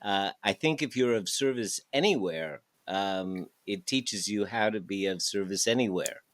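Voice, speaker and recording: A man hosting a podcast, speaking reflectively and a little haltingly about serving others. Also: lowish voice, lively intonation, no room sound. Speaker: podcast host. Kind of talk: interview conversation.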